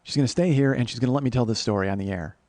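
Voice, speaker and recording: A man's voice: mid-range voice, very fast, dry recording. Man telling a wild story on a podcast. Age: 40s. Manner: animated, acts out both sides of conversations; swears casually, frequent restarts. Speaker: podcast host. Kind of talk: solo comedic storytelling.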